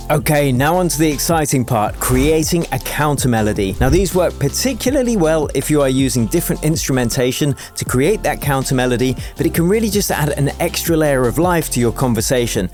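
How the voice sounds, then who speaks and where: A man's voice: mid-range voice, darkish tone. A man teaching melody writing in a step-by-step tutorial, in an upbeat, chatty, explanatory way. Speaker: music production tutor. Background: faint piano and synth music.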